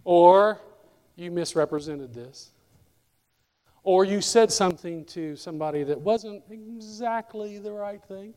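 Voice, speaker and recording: A male pastor preaching a sermon in a church, animated and speaking directly to members of the congregation by name. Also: sits high, unhurried, smooth, long reverb tail.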